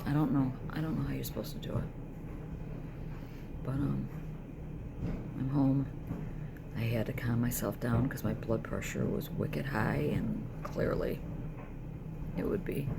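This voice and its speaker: A woman's voice: a bass voice, fairly even intonation, a little slow, creaky, pauses often. A middle-aged woman recording a personal video diary, talking through her worries in a distressed way. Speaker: vlogger. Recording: noisy background.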